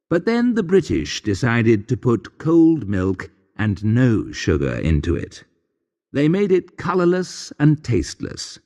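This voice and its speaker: A man reading a humorous graded-reader story aloud in a dry, wry, deadpan narration. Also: lowish voice, big-room sound. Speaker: audiobook narrator.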